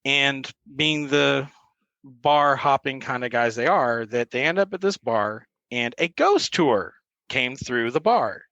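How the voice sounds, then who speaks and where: Slow and gravelly, a medium-pitched man guests on a podcast, sharing stories casually and animatedly voicing the people he quotes. The recording is dry and the audio dull.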